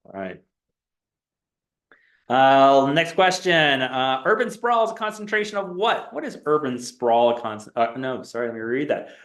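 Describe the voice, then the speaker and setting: A male instructor with a slightly higher voice runs a review game in a classroom. He reads each question and its options in a bouncing quiz-show rhythm. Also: expressive, normal speed, a bit bright.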